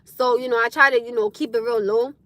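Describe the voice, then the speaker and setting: A woman chatting loudly and bluntly on a live stream from inside her car, laughing often. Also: a little high, fairly even intonation, fairly quick, no room sound. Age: adult with a school-age son. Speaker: livestreamer. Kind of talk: casual live-stream chat.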